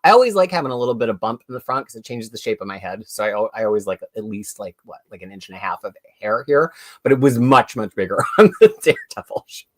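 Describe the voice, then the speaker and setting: A woman's voice: very deep voice, lively intonation, fast talker, dry recording. A woman hosting a comic review live stream in a chatty, casual way, greeting viewers and reading out their comments. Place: home studio in New Zealand.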